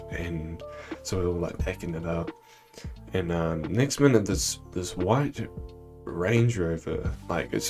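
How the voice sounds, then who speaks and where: A young man with a low voice tells a rambling storytime tale. He swears often and leans on ums and likes. Faint music plays behind him. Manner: rambling, heavy swearing and fillers. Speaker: vlogger. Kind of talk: casual storytime.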